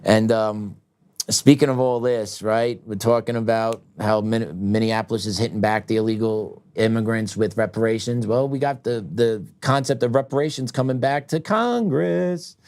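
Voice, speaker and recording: A middle-aged man hosting a political talk show, ranting heatedly, with loud outbursts that drop into quieter reflection and frequent laughs. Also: lowish voice, normal speed. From United States.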